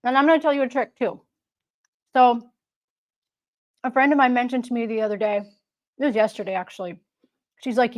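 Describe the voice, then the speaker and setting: A chatty woman hosts a casual live stream, her voice sitting a little high. She rambles along, stopping and restarting her sentences as she goes. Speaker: host.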